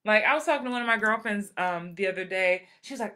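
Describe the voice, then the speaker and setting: A woman's voice: mid-range voice, fast talker. A woman in her forties, an acting coach giving a casual live motivational talk and acting out voices she quotes. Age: 40s. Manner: animated, acts out quoted voices.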